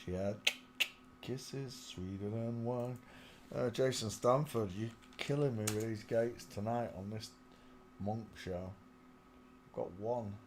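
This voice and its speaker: A channel host with a fairly low, steady voice speaks a little slowly on his home live stream, using a small desk mic with background noise present. He talks to viewers, mutters to himself, and every so often sings a bit of a song.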